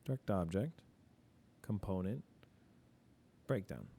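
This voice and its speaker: Guy teacher breaking down sentences, kinda low and mellow, asks himself stuff then answers, chill about mistakes. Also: lively intonation, slow, creaky, breathy edge. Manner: asks and answers his own questions; casual, admits mistakes openly. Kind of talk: grammar lesson, talking through worked examples.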